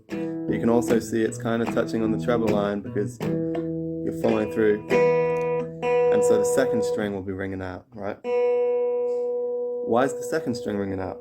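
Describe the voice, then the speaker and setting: A man teaching a guitar lesson, explaining a picking pattern step by step in a casual way. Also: on the low side. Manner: explains step by step, counts and sings pattern syllables while playing. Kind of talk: casual instructional talk. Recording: loud guitar playing over the voice. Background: acoustic guitar playing.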